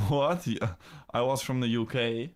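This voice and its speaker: A man's voice: medium pitch, measured pace. A young man with a Dutch accent hosting a casual crypto livestream, reading chat comments and often restarting his sentences. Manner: chatty, repeats words, restarts sentences.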